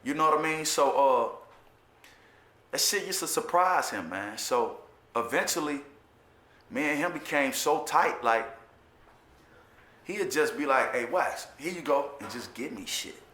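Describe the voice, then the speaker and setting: Blunt, profane man with a bright voice. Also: a little high, lively intonation, unhurried, long pauses, echoey room. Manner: blunt street talk, heavy profanity, repeats for emphasis. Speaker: former prisoner telling his story. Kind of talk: personal storytelling to camera.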